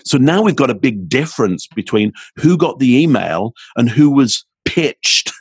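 A man with a slightly husky, breathy voice speaks as an expert guest in an interview. He explains his points patiently, now and then acting out a phrase to show a change of tone. The sound is dry and close. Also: mid-range voice, big pitch swings, a little slow, no echo. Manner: explanatory, demonstrates intonation with his voice. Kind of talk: podcast interview.

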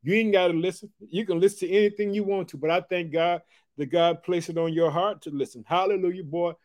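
A man's voice: high voice, brisk. A man from Chicago hosting a devotional podcast, talking with energy and repetition in a folksy, encouraging way. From Chicago, Illinois. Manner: energetic, repetitive, folksy, calls listeners "family" and "boy". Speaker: podcast host and preacher. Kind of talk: enthusiastic devotional podcast talk.

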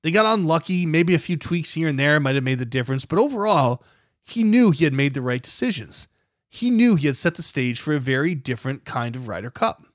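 A man's voice: fairly high pitch, expressive, fairly quick, no echo, studio quality. A man hosting a podcast, reading scripted documentary narration with a dramatic, building emphasis. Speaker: podcast host.

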